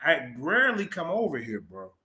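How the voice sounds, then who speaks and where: A man arguing heatedly as a guest in an online debate, loud and cutting in, repeating himself. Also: high-pitched, fast talker, roomy sound.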